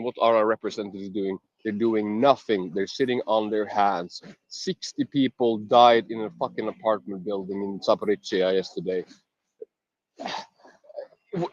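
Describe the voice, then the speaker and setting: A man's voice: mid-range voice, dry recording. A man speaking up as a caller, indignant and emotional, sometimes searching for words. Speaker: caller in a live audio space. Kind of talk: impassioned comment. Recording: dry, dull lo-fi line.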